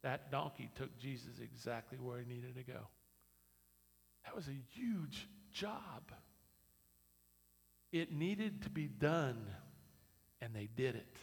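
A man preaching a sermon as a pastor, in a lively, conversational and repetitive way. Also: medium pitch, vocal fry. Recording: reverberant hall.

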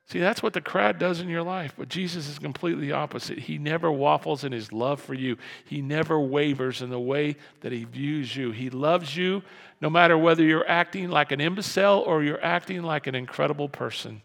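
Male pastor, animated sermon delivery, gravelly slightly high voice, recorded in a reverberant sanctuary. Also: moderate pace. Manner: animated, acts out crowd and beggar voices, repeats phrases. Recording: long hall reverb.

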